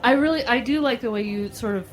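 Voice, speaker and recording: A woman's voice: fairly high pitch, quick pace. A woman co-hosting a casual studio chat, wisecracking and teasing. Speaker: podcast co-host.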